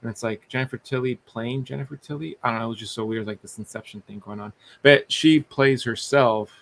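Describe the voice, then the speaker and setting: A man's voice: mid-range voice, steady tone, fairly quick, vocal fry, a bit bright, slight background noise. Rambling, laughing podcast co-host man. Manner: rambling, laughs often, many restarts. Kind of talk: casual live-stream chat.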